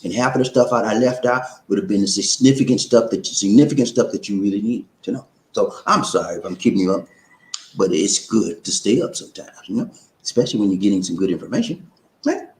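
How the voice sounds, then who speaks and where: A man's voice: fairly low pitch, animated, fast talker, a little mellow, echoey room, low-quality recording. A man hosting a casual live show, playful, chanting call-and-response lines and slipping into rhymes. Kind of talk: casual live-stream chat.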